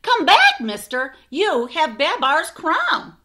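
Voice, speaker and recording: A woman's voice: sits high, very animated, measured pace, sharp tone, full character voice. A woman voicing a bold young elephant boy in a children's storybook, calling out. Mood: determined.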